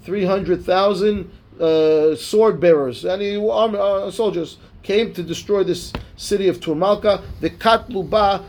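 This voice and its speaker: A man's voice: sits high, measured pace, a little mellow, a little hiss or hum. A male rabbi teaching a Talmud class. He reads the Aramaic text and explains it in casual English, often checking in with "right?" and "okay". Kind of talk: Talmud class, reading and translating.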